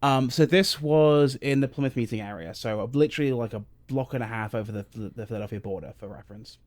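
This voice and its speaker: A man's voice: medium pitch, fast talker, darkish tone. A man from Britain with a British accent, co-hosting a podcast and telling an anecdote in a rambling way with scene-setting asides. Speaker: podcast co-host.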